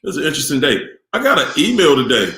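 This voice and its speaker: A man's voice: a little high, big pitch swings, quick pace, pushed and bright. A tired middle-aged man hosting a casual live stream, laid-back as he greets chat viewers by name. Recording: roomy echo with faint music.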